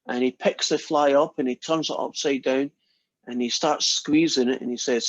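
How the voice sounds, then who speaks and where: A man's voice: medium pitch, fairly even intonation, normal speed, dry recording, poor audio. A man giving a casual university lecture, telling jokes and acting out the characters in them. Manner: chatty, storytelling, acts out quoted characters.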